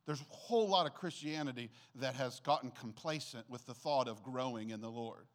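An older man preaching a sermon to a church congregation in a conversational, animated way, often checking in with his listeners. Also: medium pitch, brisk. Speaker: pastor.

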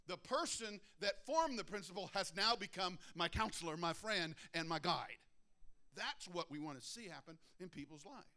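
A middle-aged man preaching a sermon, moving between hushed, earnest prayer and emphatic exhortation. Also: a little high.

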